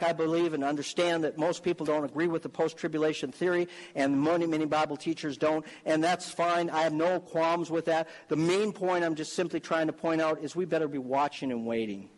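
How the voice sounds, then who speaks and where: A man's voice: fairly high pitch, steady tone, fairly quick, long reverb tail, poor audio. A male preacher delivering a sermon, reading scripture and building to emphatic, fervent exhortation.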